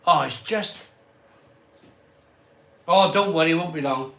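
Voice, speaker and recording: A man's voice: on the high side, gravelly, a bit bright. A middle-aged man hosting a casual live stream, reading out viewer comments and bantering with mild swearing. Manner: chatty, rattles off place names in a quick list.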